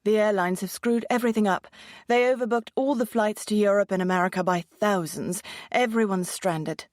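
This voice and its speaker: A woman's voice: medium pitch, moderate pace, a little mellow, no room sound, studio quality, natural voice. A woman voicing a blunt, chatty British woman traveler with a posh British accent. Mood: exasperated.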